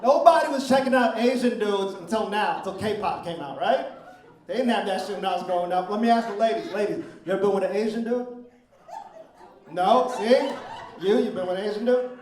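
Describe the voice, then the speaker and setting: Middle-aged male stand-up, crude and chatty crowd worker, high voice, roomy live club sound. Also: brisk, darkish tone, far from the mic. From Philippines heritage. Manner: brash, crude, conversational crowd work. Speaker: stand-up comedian. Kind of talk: stand-up comedy set. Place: comedy club stage, live audience.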